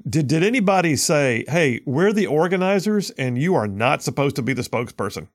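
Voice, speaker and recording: A man's voice: fairly high pitch, big pitch swings, a little fast. A male talk radio host, giving sarcastic, mocking commentary and laughing often.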